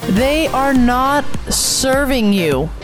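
A woman's voice: high-pitched, animated, very slow, music in the background. A young woman from Canada hosting her own podcast at home, talking earnestly and reflectively, repeating phrases for emphasis. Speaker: podcast host. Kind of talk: solo podcast talk. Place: home room, window open.

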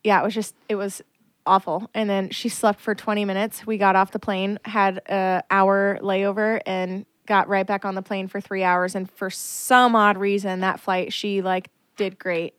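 A woman's voice: medium pitch, level tone, normal speed, smooth, no room sound. Young woman, podcast co-host, chatty storyteller, lots of fillers, dry close sound. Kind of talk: casual chat.

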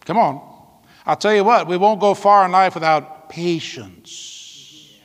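High-pitched folksy preacher man. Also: takes it slowly, big-room sound. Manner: folksy storytelling with laughs and asides. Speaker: pastor. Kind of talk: sermon.

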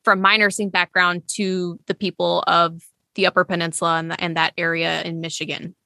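A woman's voice: on the low side, level tone, moderate pace, gravelly, bright, forceful tone, dry recording. A woman in her thirties, a nurse, chatting candidly in an interview with plenty of fillers and self-corrections. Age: 30s. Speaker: nurse and clinical educator, guest. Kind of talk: casual interview chat.

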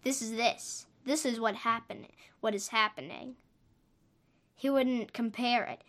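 A woman's voice: fairly high pitch, steady tone, measured pace, a bit bright. A woman telling a story for her podcast, rambling and hesitant, often trailing off and correcting herself.

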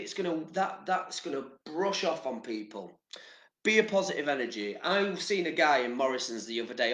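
A man's voice: a little high, fairly bright tone, reverberant. An English man giving casual motivational talk to camera, chatty and rambling, with casual swearing. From England. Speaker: vlogger.

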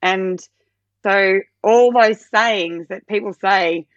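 A woman, a podcast guest, chatting casually and telling animated stories, jumping into a much higher voice when she quotes herself. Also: slow pace, no room sound, lo-fi sound. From Australia. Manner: animated storytelling, acts out her own quoted lines in a much higher voice. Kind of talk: casual interview chat.

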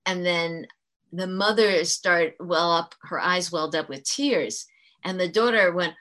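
A woman's voice: fairly low pitch, moderate pace, bright, forceful tone. A woman who works as a teacher, talking earnestly in an interview and explaining her points with frequent restarts. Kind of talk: conversational interview storytelling.

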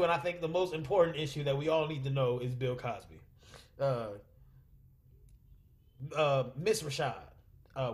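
A man co-hosting a casual podcast, bantering quickly and easily. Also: medium pitch. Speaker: podcast co-host. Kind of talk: casual chat.

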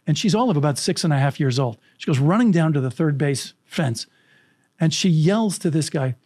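A middle-aged man telling anecdotes as a podcast guest, lively, acting out quoted lines and laughing often. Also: a little high, normal speed. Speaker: storytelling coach, podcast guest. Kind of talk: animated anecdotal storytelling.

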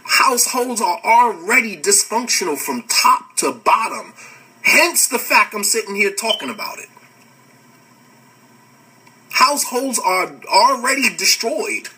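A man, hosting a podcast and giving a casual religious lecture, animated and laughing often as he answers comments. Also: high-pitched, husky, far from the mic, low-quality recording.

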